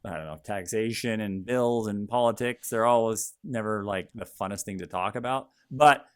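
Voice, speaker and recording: A man's voice: lowish voice, normal speed, clean tone. A man who works as a financial advisor, co-hosting a podcast in casual chat, rambling and stammering on his starts.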